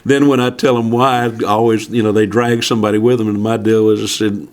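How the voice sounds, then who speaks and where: A man's voice: fairly low pitch, fairly quick, hardly any pauses. A man, a guest outdoor writer, telling hunting stories in a casual podcast conversation and acting out his anecdotes. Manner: animated storyteller who acts out anecdotes.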